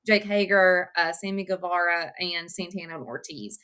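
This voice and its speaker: Woman co-host, casual chat, bright forward tone, chatty. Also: on the low side, moderate pace, smooth. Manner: chatty, fillers before her picks. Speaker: podcast co-host.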